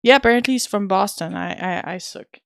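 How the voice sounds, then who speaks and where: Woman, game streamer, chatty, mid pitch, gravelly, dry close mic. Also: a little fast, dry recording. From Canada. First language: French. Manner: chatty, answers chat questions as she plays. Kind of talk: casual gameplay commentary.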